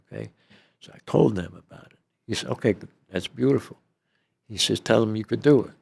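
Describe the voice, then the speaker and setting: This is an older man with a rough, gravelly voice that sits a little low. He tells his story in a loose, rambling way, leaning on "you know" and "okay?" as an interview guest. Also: a little mellow.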